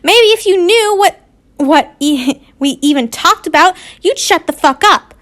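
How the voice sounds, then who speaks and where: A woman's voice: very high voice, lively intonation, unhurried, a bit bright, pitched above the performer's own voice, full character voice. A woman doing a smug teenage boy wizard. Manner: smug, teasing.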